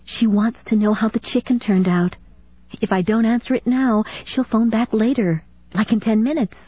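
A woman's voice: a little high, normal speed, husky, pitched above the performer's own voice. A woman reading an audiobook, voicing a hurt, anxious woman who talks in a raised, tense and pleading way. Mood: hushed. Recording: dry tinny phone-like sound.

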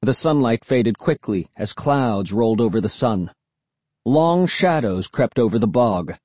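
Husky male audiobook narrator. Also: medium pitch, lively intonation, measured pace, a little mellow, dry recording. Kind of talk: first-person audiobook narration.

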